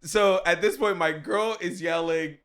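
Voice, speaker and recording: A man's voice: high-pitched, unhurried. A man co-hosting a podcast, telling a story in casual chat, acting out what others said and often laughing. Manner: animated, acts out quotes, frequent laughter. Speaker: podcast co-host.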